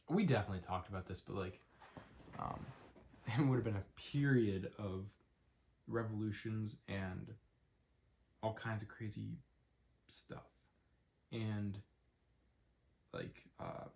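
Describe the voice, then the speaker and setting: A young man with a stuffy, congested nose hosts his own podcast alone. His voice sits a little low, and he rambles casually from one thing to the next, dropping frequent "um"s along the way. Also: a little mellow. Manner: rambling, lots of "um" fillers. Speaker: podcast host. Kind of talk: casual solo podcast chat.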